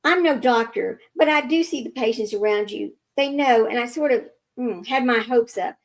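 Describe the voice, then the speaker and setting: A woman reading aloud, voicing a sweet, sympathetic twenty-year-old receptionist who talks warmly and soothingly, in a slightly raised, gravelly voice. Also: a little high, moderate pace, close to an everyday voice. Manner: warm, soothing, fussing.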